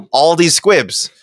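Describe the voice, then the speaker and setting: A man's voice: on the high side, no echo, studio quality. A man in casual movie commentary, swearing freely and laughing often as he talks. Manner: profane, animated, laughs often.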